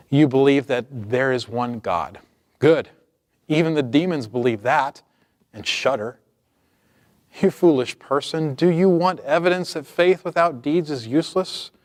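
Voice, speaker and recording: A man preaching a sermon as pastor, reading scripture aloud and explaining it in a measured way. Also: mid-range voice, no echo, studio quality.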